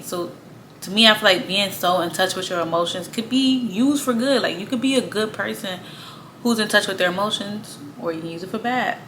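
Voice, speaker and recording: A woman's voice: fairly low pitch, pushed and bright, slight background noise. A woman talking casually to camera, blunt and slangy, swearing freely and laughing between points. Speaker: astrology vlogger. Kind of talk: casual monologue.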